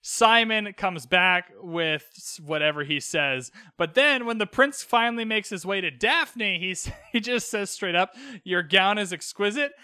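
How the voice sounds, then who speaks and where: A man's voice: high-pitched, bright, forceful tone, clean tone, dry recording, clean studio sound. A young man from Canada recapping a show on his solo podcast, chatty and cheeky. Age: young adult. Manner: chatty and cheeky, quick quoted asides. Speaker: podcast host.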